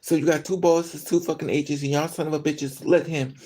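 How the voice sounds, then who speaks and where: Speaking straight to the camera, an upset vlogger who has been crying all day vents in an angry, profane monologue riddled with ums and restarts. The voice is mid-range and dark-toned, fairly quick, with fairly even intonation.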